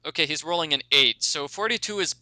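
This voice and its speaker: A man's voice: a little high, quick pace, bright, forceful tone, low-quality recording. A man narrating as game master in a tabletop game, rambling with many ums and self-corrections.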